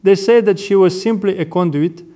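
An older man, an Orthodox monk, giving a sermon with measured, reverent storytelling. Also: high-pitched, warm tone.

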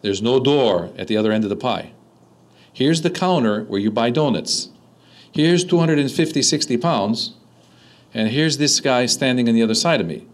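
A man who is an Orthodox priest, giving a sermon with lively storytelling and quoted dialogue. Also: mid-range voice, moderate pace, rough recording.

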